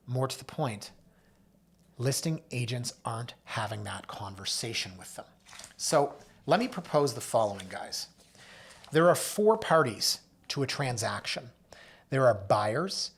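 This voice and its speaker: A man hosting a market commentary show, talking loosely and chattily to camera. He rattles off figures from a list, his voice jumping up on some names, and drops self-mocking asides along the way. His pitch sits at an ordinary middle register for a man. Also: very animated, measured pace, husky. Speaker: realtor and show host. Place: office or studio with someone off camera.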